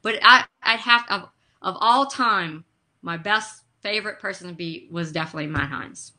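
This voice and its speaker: A middle-aged woman, a guest on a video call, telling stories in an animated, emotional way. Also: mid-range voice, normal speed. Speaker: guest, drag racer. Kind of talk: casual interview chat.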